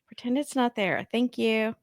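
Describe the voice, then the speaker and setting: A woman's voice: on the high side, normal speed, no room sound. A woman in her forties chatting on a podcast with dry, self-deprecating humor. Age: 40s. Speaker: podcast co-host guest. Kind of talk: casual chat.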